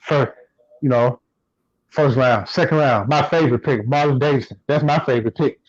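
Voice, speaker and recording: A man co-hosting a casual sports podcast, relaxed and repeating himself as he thinks. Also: medium pitch, moderate pace, highs cut off. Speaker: podcast co-host.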